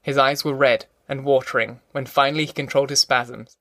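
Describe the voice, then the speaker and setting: A man reading a novel aloud as an audiobook narrator, in measured, even storytelling. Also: medium pitch, no echo, studio quality. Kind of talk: scripted narration.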